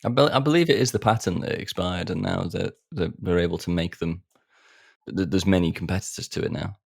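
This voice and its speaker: Speaking a little fast in a low, creaky voice, a man co-hosts a podcast recorded at studio quality with no echo. He laughs often, joking and poking fun at himself in casual banter.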